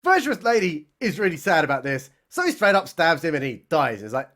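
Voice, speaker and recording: A man's voice: on the high side, big pitch swings, a little fast, hardly any pauses, fairly bright tone. A man narrating a mocking, sarcastic comedy recap of a TV episode. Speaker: comedy reviewer.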